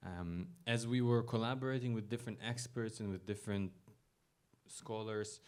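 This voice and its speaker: A man's voice: on the low side, fairly even intonation, normal speed, darkish tone. A man leading a panel discussion in a gallery, speaking hesitantly and repeating words as he links the talks. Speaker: project lead and panel host. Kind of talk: panel moderation. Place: gallery event hall.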